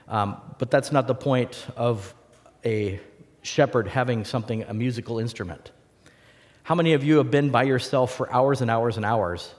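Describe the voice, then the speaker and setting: A man delivers a sermon in a lively, storytelling way, slipping into the voices of the people he describes. His voice sits at a middle pitch. The sound rings with the long reverb of a large hall. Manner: animated storytelling, acts out voices. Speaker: preacher.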